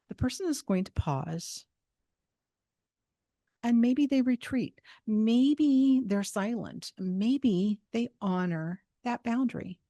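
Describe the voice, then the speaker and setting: A woman hosting a self-help talk, giving steady, instructive advice and repeating phrases for emphasis. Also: mid-range voice, dry recording, clean studio sound. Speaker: host.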